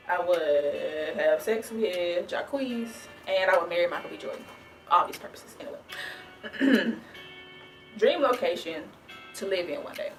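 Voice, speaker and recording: Young woman, from the US South, casual vlog Q&A, chatty, rambling, soft music underneath. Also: fairly low pitch, lively intonation, slow pace, pauses often. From Southern United States. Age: young adult. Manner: chatty and rambling, full of "like" and restarts. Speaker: vlogger answering viewer questions.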